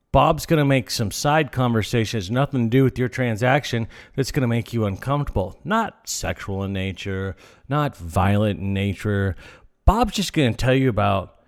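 Sarcastic man on an exasperated rant. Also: fairly low pitch. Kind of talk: ranting comedic monologue.

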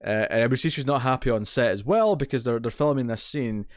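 A podcast co-host recaps a TV episode in casual chat, talking briskly in a medium-pitched male voice. He rambles, full of fillers and restarts. The recording is clean studio sound with no room tone.

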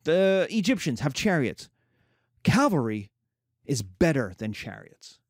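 Brief: male history lecturer, animated, a bit high, acts out characters. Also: measured pace, dry recording, studio quality. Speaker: history teacher.

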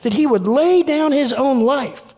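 Casting note: earnest preacher, male, bright high voice, room reverb trailing each phrase. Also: expressive, a little slow. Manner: earnest preaching, dropping soft for quoted words. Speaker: pastor. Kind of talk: sermon. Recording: long reverb of a large room.

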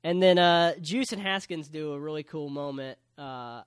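A man's voice: fairly high pitch, moderate pace, clear, resonant tone, no echo, clean studio sound. A man co-hosting a casual podcast, recapping at length with many ums and uhs. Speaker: podcast co-host reviewing wrestling. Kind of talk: casual chat.

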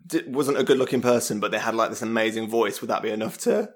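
A man's voice: medium pitch, quick pace. Guy hosting a podcast, kinda hesitant, lots of likes and ums. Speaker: podcast host. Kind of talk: casual chat.

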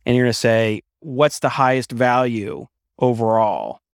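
Animated, emphatic male podcast host. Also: mid-range voice, a little slow, clear, resonant tone, dry recording, studio quality. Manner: emphatic, animated storytelling with frequent restarts. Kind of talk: casual chat.

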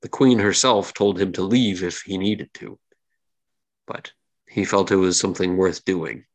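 A man's voice: low-pitched, a little slow. A man voicing a haggard, wary elf guard speaking with a broken accent in a tabletop game. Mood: confiding. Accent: broken, foreign-sounding speech. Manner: wary, hushed confiding.

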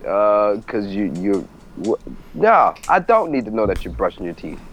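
Lively, playful man bantering. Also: lowish voice, normal speed. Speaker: stand-up comic and podcast guest. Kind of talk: casual podcast chat.

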